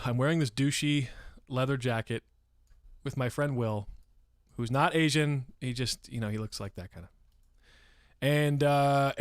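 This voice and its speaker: A livestreamer from San Francisco, USA, tells a rambling story, swearing freely and breaking off to answer chat. His voice is medium in pitch, with studio-quality audio and no echo.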